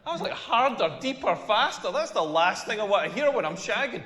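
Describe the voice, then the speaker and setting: A Scottish man in his forties, loud and self-mocking as he delivers a stand-up set. His voice sits high for a man and rings out across a long, echoey hall. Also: very animated, fast. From Scotland. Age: 40s. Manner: brash, self-mocking, laughing through punchlines. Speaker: stand-up comedian.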